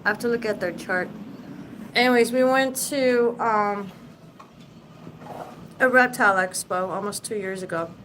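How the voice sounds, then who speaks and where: A woman's voice: mid-range voice, a little slow, pauses often, a bit bright, slight background noise, poor audio. Rambling, casual woman livestreaming. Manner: rambling, loose, swears freely. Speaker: livestream host; mother. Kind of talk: casual live chat.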